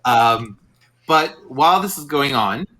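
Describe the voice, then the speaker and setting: Bright-voiced man running a tabletop game. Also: mid-range voice, expressive, slow pace. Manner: rambling, filler-heavy narration. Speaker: game master.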